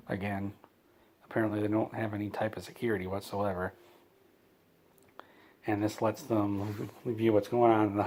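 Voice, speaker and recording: A man with a fairly low voice tells a rambling comedic story. He drifts and interrupts himself, and his delivery stays dry and offhand. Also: darkish tone, slight background noise. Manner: meandering, self-interrupting, dry. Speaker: comedy channel host.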